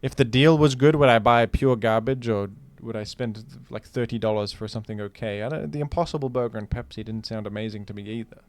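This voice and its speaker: A man's voice: mid-range voice, a little fast, hardly any pauses, a little mellow, no echo. A man hosting a gaming video, giving casual, rambling commentary with a joking, incredulous manner. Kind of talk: casual commentary while playing.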